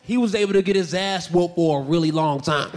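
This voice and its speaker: A male stand-up comedian telling a story in an animated way, often breaking into shouted bits. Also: sits high, a little fast, big-room sound, music in the background.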